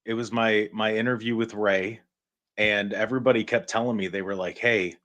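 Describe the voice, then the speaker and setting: A man on a video call telling rambling, animated stories about his radio days as a guest. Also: fairly low pitch, brisk. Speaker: guest, former radio staffer. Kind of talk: casual storytelling.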